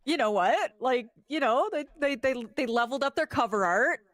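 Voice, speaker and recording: A woman's voice: high voice, animated, moderate pace, a bit bright. A woman co-hosting a casual game podcast, laughing a lot and swearing offhandedly. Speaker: podcast co-host.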